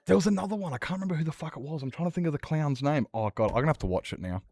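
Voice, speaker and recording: An Australian man streaming a game, chatting casually in a rambling, sweary, animated way. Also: on the high side, rapid-fire, slight background noise. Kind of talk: casual chat while gaming.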